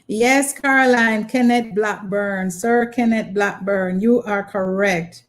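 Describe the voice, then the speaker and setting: A woman's voice: mid-range voice, steady tone, slow. A woman hosting a live online trivia quiz, patiently repeating her questions and prompting viewers. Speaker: quiz host.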